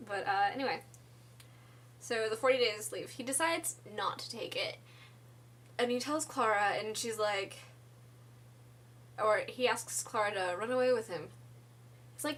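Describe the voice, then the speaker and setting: Woman, casual vlog recap, rambling, giggly asides, fairly high voice. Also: normal speed, long pauses, fairly bright tone, breathy edge. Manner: rambling, lots of "like" and fillers. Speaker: musical theatre vlogger.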